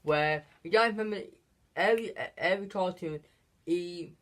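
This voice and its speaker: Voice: mid-range voice, moderate pace, fairly bright tone. Casual movie review vlog, rambling host, lots of ums and restarts, frequent giggles. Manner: rambling, with many fillers and restarts; giggles often between phrases.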